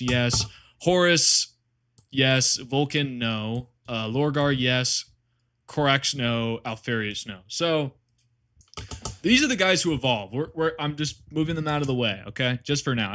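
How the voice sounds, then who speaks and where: A young man chatting on a live stream, excitable and rambling, swearing often while he sorts a tier list. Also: mid-range voice. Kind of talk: casual live-stream chat.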